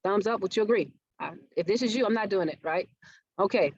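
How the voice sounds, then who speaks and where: A woman teaches a business workshop in an engaging way, often asking her listeners if they follow. Her voice sits at a middling pitch. The webinar audio is dull and dry, with no room sound. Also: a little fast, breathy edge, dry recording. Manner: engaging, asks audience questions often. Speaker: marketing speaker.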